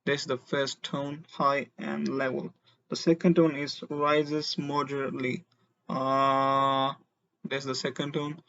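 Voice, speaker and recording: A man teaching a beginner Mandarin lesson, explaining slowly and deliberately and having learners repeat syllables after him. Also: a little high, flat delivery, creaky, no echo, muffled recording. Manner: slow, deliberate explanations with demonstrated tones.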